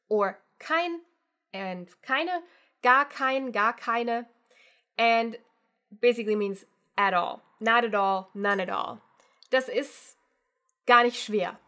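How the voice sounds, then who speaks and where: A woman's voice: a little high, sharp tone. A woman teaching a casual language lesson in English, acting out example phrases. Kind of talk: explanatory lesson, mixing English with German examples.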